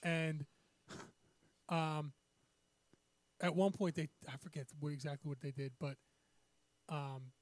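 A man in casual chat, telling a story hesitantly with many pauses and ums. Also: fairly high pitch, fairly even intonation, dry recording.

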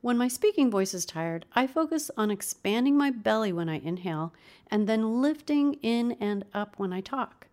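A woman's voice: fairly high pitch, expressive, normal speed, mellow. Upbeat woman coaching voice exercises. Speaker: voice teacher. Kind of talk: instructional video lesson.

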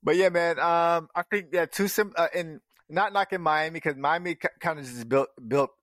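A man co-hosting a casual sports podcast, talking in a relaxed, measured way with frequent ums. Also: fairly high pitch, no room sound, studio quality. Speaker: podcast co-host.

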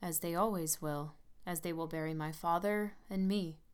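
A woman voicing a sad, brooding young man who speaks low and thoughtfully in a gothic story. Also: steady tone, normal speed, clear, resonant tone, close to an everyday voice. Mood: somber.

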